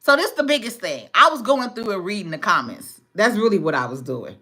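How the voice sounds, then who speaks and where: Woman hosting a phone livestream; casual and full of laughter, bright and lively. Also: mid-range voice, brisk. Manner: laughing often, exclaiming. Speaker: livestream host. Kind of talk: casual livestream chat with viewers. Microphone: phone camera.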